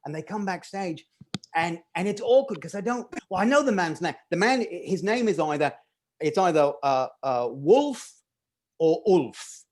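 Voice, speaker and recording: A man's voice: sits high, expressive, measured pace, a little mellow. A man doing a stand-up comedy set, rambling and self-deprecating, often laughing at his own jokes.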